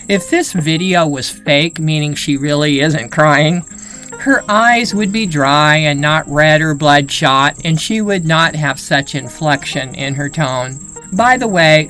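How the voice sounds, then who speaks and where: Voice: medium pitch, a bit bright, poor audio. A channel host narrating voice-over commentary in an earnest, explanatory manner.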